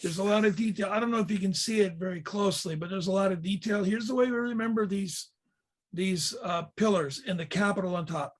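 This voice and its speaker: A man leading a Bible history lesson, explaining pictures in a measured way with frequent fillers and restarts. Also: high voice. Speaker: tour leader and teacher.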